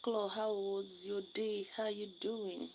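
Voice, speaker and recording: A woman's voice: mid-range voice, fairly even intonation, takes it slowly, creaky, darkish tone, slight background noise, low-quality recording. A young Nigerian woman with a Nigerian accent, chatting casually with viewers on a live stream and rambling, repeating her words.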